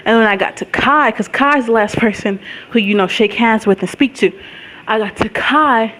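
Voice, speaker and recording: Young woman, vlogger, higher-pitched voice, chatty rambling storytelling, many fillers. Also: normal speed, a bit bright, low-quality recording. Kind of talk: casual storytelling vlog.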